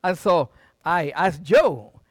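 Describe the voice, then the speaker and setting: A middle-aged man pastor preaching a sermon, with dramatic swings between loud and quiet and folksy asides to the congregation. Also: on the high side, slow pace, no echo, clean studio sound.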